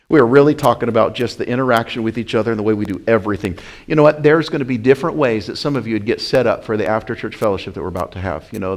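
Male pastor, conversational sermon, rises to loud emphatic peaks, drops to quiet asides, asks the room questions. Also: mid-range voice. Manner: conversational, repeats phrases, asks the congregation questions. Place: church.

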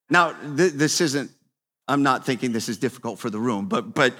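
A man in his fifties preaching a sermon to a room, conversational and repetitive, swinging between quiet asides and emphatic, raised exhortation. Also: a little high, big pitch swings, normal speed. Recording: long reverb of a large hall.

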